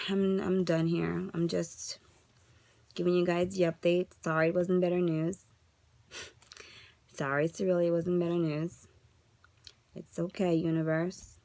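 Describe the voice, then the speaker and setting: A woman's voice: lowish voice, fairly even intonation, unhurried, creaky, long pauses, warm tone, no room sound. A woman in her thirties vlogging an upset, rambling update, asking frustrated rhetorical questions while holding herself together. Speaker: vlogger sharing a fertility journey update. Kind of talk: casual confessional vlog.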